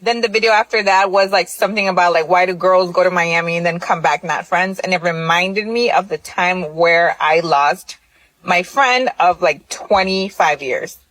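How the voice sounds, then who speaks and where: A woman's voice: fairly low pitch, normal speed, a bit bright, no echo, rough recording. A woman in her thirties casually telling a personal story, chatty and full of filler words. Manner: chatty, lots of filler likes.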